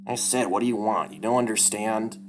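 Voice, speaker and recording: A man's voice: medium pitch, extremely slow, noisy background, voice pushed up. A man voicing a sneering teenage ringtail cat bully with a snide, taunting manner in a storybook reading.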